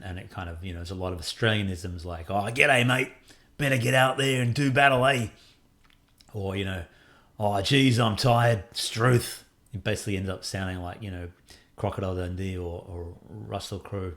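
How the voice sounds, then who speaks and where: Chatty middle-aged game developer man. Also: fairly low pitch. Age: 40s. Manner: chatty, self-deprecating, rambling with many fillers. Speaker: indie game developer answering fan questions. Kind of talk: casual Q&A monologue.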